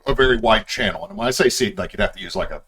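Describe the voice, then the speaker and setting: Acting as game master, a man briefs his players on setting lore in a casual session zero, rambling with plenty of fillers and restarts. His voice is lowish, rapid-fire, pushed and bright, and slightly rough.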